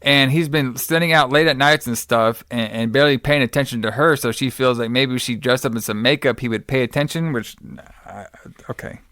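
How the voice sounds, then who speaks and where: A man's voice: mid-range voice, a little fast, fairly bright tone, dry recording, clean studio sound. Rambling, profane man recapping a film. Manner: rambling, profane, wrestling-fan slang. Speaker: podcast host.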